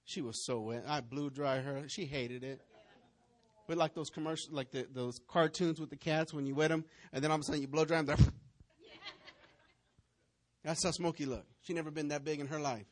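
A man with a voice on the high side preaches in a steady tone at normal speed. As pastor, he narrates stories, acts out the voices and scenes in them, and puts questions to the congregation.

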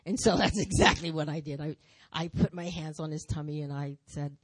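A woman speaking in church, telling her testimony as a lively story with repeated phrases. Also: deep voice, a little fast, hardly any pauses, no echo. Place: church sanctuary.

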